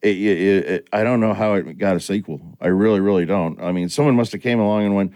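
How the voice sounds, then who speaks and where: A man's voice: fairly low pitch, quick pace, few pauses. A middle-aged man hosting a casual chat, telling stories and acting out quoted lines. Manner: animated storyteller, acts out quoted lines. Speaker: podcast host.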